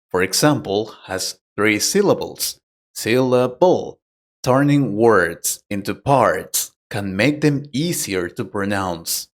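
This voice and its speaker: A man teaching a pronunciation lesson, explaining plainly and patiently and putting direct questions to the learner. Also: on the low side. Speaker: English teacher. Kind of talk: slow, deliberate English lesson.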